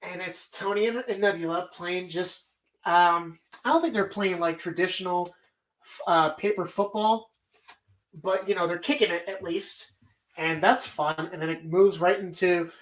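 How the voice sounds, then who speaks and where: A woman's voice: lowish voice, a little slow, poor audio. A woman hosting a casual movie bracket show, talking animatedly and rambling, swearing freely as she argues her picks. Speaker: podcast host.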